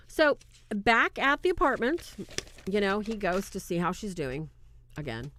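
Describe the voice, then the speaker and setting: A chatty woman reviewing movies recaps a film casually on a live stream, acting out quotes as she retells the scenes. Her pitch is lively, and her pace is measured.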